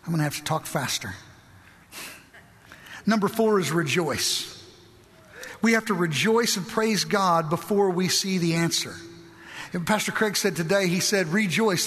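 A man preaching a sermon with fervent conviction, rising to loud exclamations. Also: high-pitched, long reverb tail.

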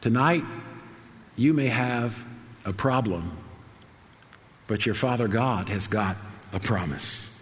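A man preaching a sermon with passion, swinging between soaring, shouted lines and hushed, quiet ones. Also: on the low side, expressive, takes it slowly, long pauses. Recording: long hall reverb, faint background noise.

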